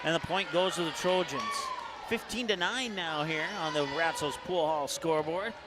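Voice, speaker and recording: Announcer: high-pitched Upper Midwest American man, play-by-play for school volleyball, shouts the big points, noisy gym feed. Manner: rapid calls that rise to shouts on big plays.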